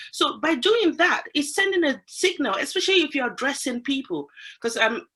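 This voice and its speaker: A woman's voice: high-pitched, expressive, normal speed, sharp tone. A woman from London joining a workshop discussion, hesitant at first and then emphatic as she argues her point. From London, England. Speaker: workshop participant.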